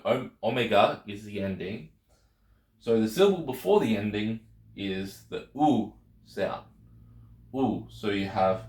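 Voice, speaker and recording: A man's voice: on the low side, roomy sound. A man teaching a video language lesson, patient and encouraging, often checking in with "okay?". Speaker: Greek teacher.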